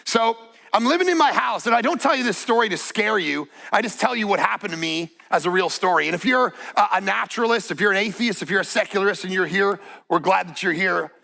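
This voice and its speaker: Gravelly, bright-voiced storytelling pastor. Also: male voice, high voice, expressive, fast. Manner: conversational, building to emphatic. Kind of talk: sermon storytelling. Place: church stage.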